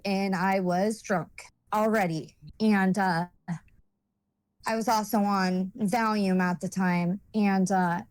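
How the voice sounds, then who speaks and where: A woman's voice: mid-range voice, darkish tone, dry recording. A woman speaking as a guest and telling a personal story in a blunt, rambling way, with lots of fillers and swearing.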